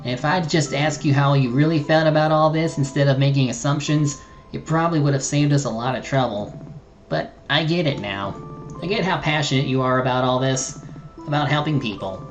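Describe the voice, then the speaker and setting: A woman's voice: extremely low pitch, fairly quick, faint music behind, low-quality recording. A streamer voicing an earnest, remorseful young woman adventurer, reading game dialogue aloud with small slips and restarts. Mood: apologetic.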